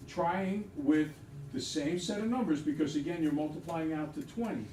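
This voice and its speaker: A man teaching a math lesson to a class, quizzing students with quick questions in an upbeat way. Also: a little high, a little mellow. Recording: echoey classroom, distant mic, background noise.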